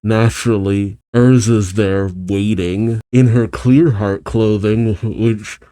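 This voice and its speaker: A man's voice: lowish voice, steady tone, takes it slowly, dark tone, no echo. A man recapping a manga chapter in a casual reading, chuckling as he goes. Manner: recaps scenes with amused chuckles. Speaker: manga reaction host.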